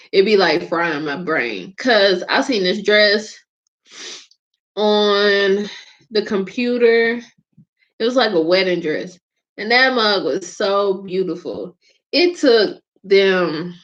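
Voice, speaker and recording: A woman's voice: mid-range voice, a bit bright, dull audio. A woman from Georgia with a Southern accent, hosting her show in rambling casual chat and laughing often. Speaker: host.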